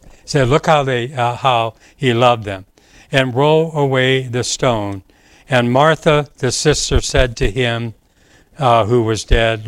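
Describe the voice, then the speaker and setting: Male pastor, unhurried emphatic sermon voice, dry recording. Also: medium pitch, clear, resonant tone, no room sound. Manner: slow, emphatic preaching with rising emphasis. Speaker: preacher.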